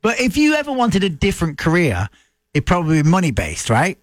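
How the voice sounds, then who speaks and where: A man with an English accent co-hosting a radio show, chatting casually and playfully with his co-host and slipping into quick impressions. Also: sits high, wildly swooping pitch, no room sound, studio quality. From England.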